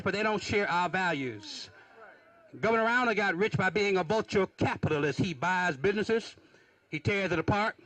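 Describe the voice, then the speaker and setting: A man's voice: high voice, bright, forceful tone. A man speaking at an outdoor rally who introduces a candidate, using rhythmic, repetitive rhetorical lines. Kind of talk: rally speech. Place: outdoor rally on capitol grounds.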